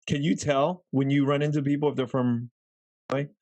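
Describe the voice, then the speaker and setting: A man hosts a casual podcast interview, circling through long, loosely built questions. His voice sits at an ordinary middle pitch. The recording is dry and close, with no room sound. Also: fairly even intonation, fairly quick, a little mellow, no room sound, lo-fi sound. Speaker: podcast host.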